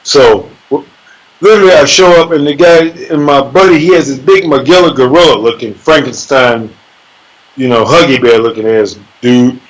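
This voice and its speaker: A man, an MMA fighter guest in an interview, telling a sparring story in a casual, profane, animated way and acting out voices and sound effects. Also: medium pitch, moderate pace, low-quality recording.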